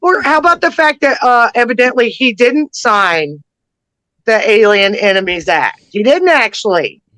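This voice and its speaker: A woman's voice: fairly high pitch, expressive, normal speed, fairly bright tone, no room sound. A woman co-hosting a political livestream, sarcastic and casual, sometimes stumbling over her words. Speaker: livestream co-host.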